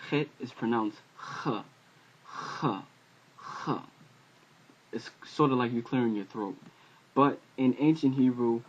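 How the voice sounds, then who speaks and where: A man giving an informal home-made alphabet lesson, talking haltingly with many fillers and self-corrections. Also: medium pitch. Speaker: language teacher. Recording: dull lo-fi home video audio.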